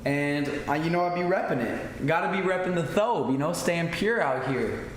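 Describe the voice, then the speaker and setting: A man in his twenties hosting a casual livestream, teasing viewers playfully and reading out shoutouts. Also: a little high, expressive, moderate pace. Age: 20s. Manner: hyped, playful, teasing, reads out chat shoutouts. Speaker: livestream host. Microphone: streaming mic. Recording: very echoey room, faint background hiss.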